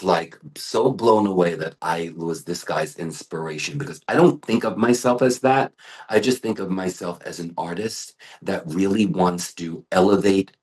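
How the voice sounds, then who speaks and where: A middle-aged man and hair artist talking in an interview, telling animated stories with frequent restarts. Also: low voice, breathy edge. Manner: animated storytelling with many restarts. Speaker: global ambassador and hair artist.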